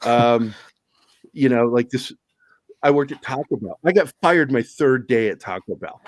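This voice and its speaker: A man's voice: medium pitch, lively intonation, moderate pace. A man guesting on a podcast, telling stories in a casual, profane, self-mocking way. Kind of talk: casual storytelling chat.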